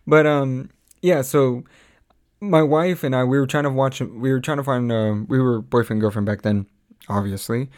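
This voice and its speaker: A young man hosting a casual talk, his voice sitting at an ordinary middle pitch. He rambles with plenty of fillers and laughs between thoughts, jumping into playful quoted lines as he goes. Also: fairly even intonation, normal speed, darkish tone. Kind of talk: casual chat.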